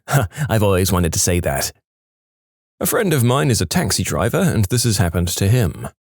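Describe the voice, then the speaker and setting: A man narrating online stories in a wry, animated, scripted way. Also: lowish voice, dry recording, clean studio sound. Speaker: story narrator.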